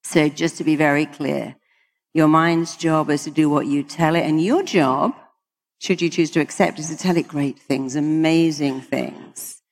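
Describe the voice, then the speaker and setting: A woman's voice: low-pitched, animated, a little slow, darkish tone, long reverb tail. A British woman, a hypnotherapist, giving an emphatic motivational talk to an audience and quoting people in acted voices. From Britain. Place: large hall with an audience.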